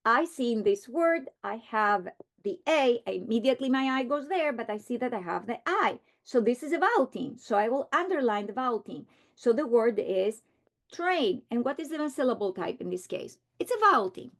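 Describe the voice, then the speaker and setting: A woman teaching a reading lesson, modeling words slowly and deliberately. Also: a little high, expressive. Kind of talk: instructional lesson.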